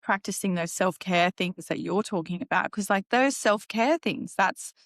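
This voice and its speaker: Woman podcast host, mid-pitched, animated and emphatic, dry close mic. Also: no room sound. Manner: animated, emphatic, talks in quick bursts. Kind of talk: conversational interview hosting.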